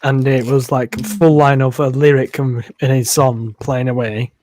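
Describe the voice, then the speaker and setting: A man and live streamer chatting casually, rambling with many fillers and pauses. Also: medium pitch, flat delivery, a little mellow, a little hiss or hum. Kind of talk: casual chat.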